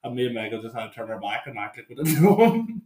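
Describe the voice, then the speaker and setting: A man's voice: mid-range voice, very animated, fast talker, darkish tone, echoey room, slight background noise. A Northern Irish man in his twenties telling long, rambling stories with lots of "like" while co-hosting a casual podcast chat. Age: 20s. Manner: rambling, laughing anecdotes with lots of "like". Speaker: podcast co-host.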